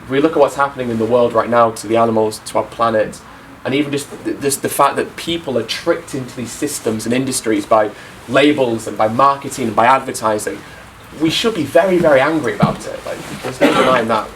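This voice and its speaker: A man's voice: medium pitch, fairly quick, fairly bright tone, slight background noise, poor audio. A man in his twenties giving a talk to an audience, telling stories in a candid way and often adding questions like "right?" to his sentences. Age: 20s. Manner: candid storytelling with rhetorical tag questions. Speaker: speaker.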